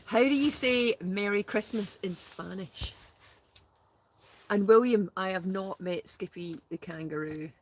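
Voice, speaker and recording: A woman's voice: mid-range voice, unhurried, slight background noise. A woman chatting casually in a smoky tent on a live stream, reading out comments and laughing often. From Scotland. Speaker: guest, host's sister.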